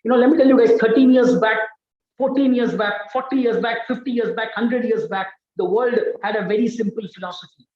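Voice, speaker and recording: A man's voice: very high-pitched, a little fast. An Indian man mentoring students in an online coaching talk, telling stories energetically and calling his listeners guys. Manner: energetic, repetitive, story-driven, addresses audience as guys. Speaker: admissions mentor and lecturer. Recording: echoey, dull webinar audio.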